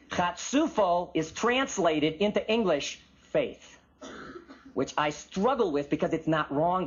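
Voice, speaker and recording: A man giving an animated Bible teaching and acting out the voices of biblical figures. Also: high-pitched, husky. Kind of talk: teaching sermon with acted quotes. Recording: muffled lo-fi recording of a talk.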